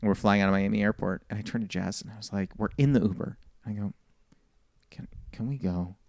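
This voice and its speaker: A man's voice: lowish voice, fast talker, vocal fry, no echo, clean studio sound. A man and comedian telling a long story in a casual podcast chat, acting out the people in it. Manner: animated storyteller, quotes people. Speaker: comedian guest.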